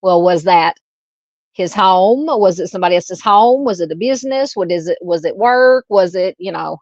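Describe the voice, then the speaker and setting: A woman's voice: on the low side, expressive, normal speed, darkish tone, no room sound, muffled recording. A woman with a Southern US accent hosting a casual true crime live stream, rambling and chatty as she talks with viewers. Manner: rambling, chatty, lots of "you know" fillers.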